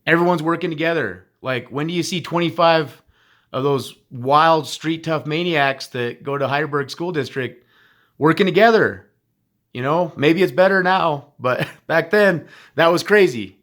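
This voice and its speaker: A man's voice: a little high, fairly bright tone. A man, a former teacher, giving a heartfelt, informal recorded message to graduates, emphatic and blunt with casual swearing.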